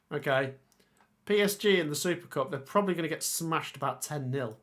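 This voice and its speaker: A young man chats casually on a live stream, thinking aloud and reacting to viewer comments as he goes. His voice sits a little higher than most men's. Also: normal speed, a bit bright. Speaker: football channel host.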